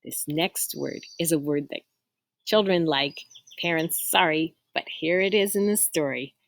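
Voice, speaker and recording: A woman reading a picture book aloud to children, expressive, stopping to explain words and ask the listeners questions. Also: deep voice, unhurried, vocal fry. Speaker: storyteller.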